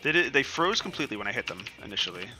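Profane, animated young man ranting. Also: mid-range voice, racing, music in the background. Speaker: gaming streamer. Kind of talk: casual gameplay commentary.

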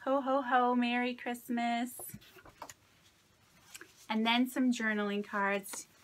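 A craft vlogger from Indiana in the United States gushes sentimentally through a casual unboxing, letting out many delighted exclamations while sounding a little unwell and shaky. Her voice is fairly high with little pitch movement, and she takes it slowly. There's slight background noise.

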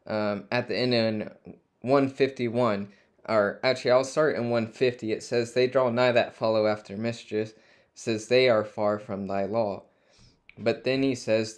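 A man leading a weekday family devotion, reading scripture aloud and preaching in an earnest, unhurried way with frequent pauses and fillers. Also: on the low side. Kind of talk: devotional Bible reading and short sermon.

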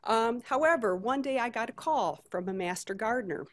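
A woman's voice: fairly high pitch, lively intonation, moderate pace. A woman from Detroit moderating a conference panel, talking conversationally with many fillers. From Detroit, USA. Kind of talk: conference talk. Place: conference hall stage.

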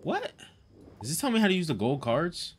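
A young man live-streaming a game, chatting casually, swearing and laughing often in an excitable way. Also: fairly high pitch, normal speed, slight background noise.

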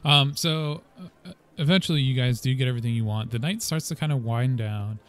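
Casual male game master, mid-pitched, loose filler-heavy narration. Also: brisk, fairly bright tone.

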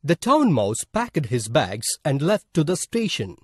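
Slow Indian-English male storyteller. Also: a little high, huge pitch swings, a little mellow, breathy edge, no echo, clean studio sound. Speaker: narrator. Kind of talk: scripted storybook narration for a school lesson.

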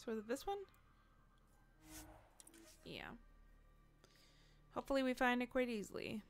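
A woman's voice: on the high side, a little slow. A woman gamer giving casual commentary while she plays, often frustrated, swearing and mocking herself.

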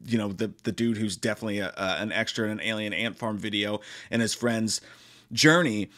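A man's voice: lowish voice, fairly quick, no room sound. Man reviewing a movie, casual chat, swearing and joking, dry close sound. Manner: profane, joking, animated retelling.

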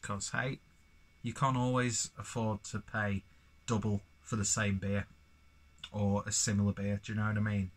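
A man's voice: fairly low pitch, little pitch movement, moderate pace. A man, casually reviewing a beer in a rambling, sweary vlog full of self-mocking asides.

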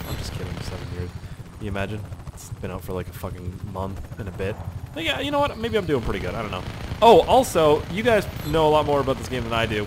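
A man's voice: medium pitch, background noise. A young man rambling through casual gameplay commentary, swearing often and yelping at the game. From Canada. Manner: rambling, swears a lot, yelps and shouts at the game. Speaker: gaming YouTuber.

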